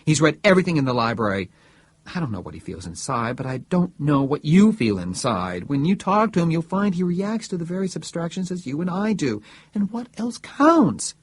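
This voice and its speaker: Defiant, earnest young woman in a high, pleading voice, played by a husky male narrator; audiobook part. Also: very animated, normal speed. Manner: pleading, raised pitch. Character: spirited grown daughter, defiant and earnest. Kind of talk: audiobook reading.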